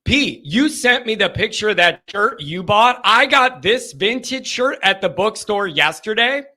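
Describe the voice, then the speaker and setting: Hyped high-voiced male call-in host. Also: expressive, a little slow. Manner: hyped, loud, riffing storyteller. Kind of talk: excited live call-in chat.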